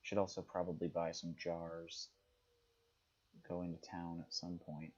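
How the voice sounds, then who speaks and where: Low, husky-voiced man musing over a game. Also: measured pace, lo-fi sound. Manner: relaxed, muses aloud, reads on-screen text. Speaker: gaming streamer. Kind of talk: casual gameplay commentary.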